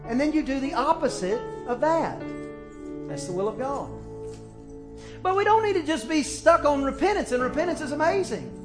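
Middle-aged male pastor, high bright voice, preaching with shouted peaks, music behind. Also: lively intonation, normal speed. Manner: preaching with sudden shouted peaks and storytelling asides. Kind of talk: sermon. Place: church.

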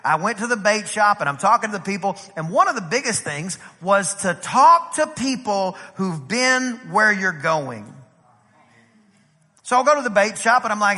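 In a church sanctuary, an East Texas pastor with a matching accent preaches a storytelling sermon, animatedly acting out the dialogue. His voice sits high and runs a little fast. The hall is reverberant.

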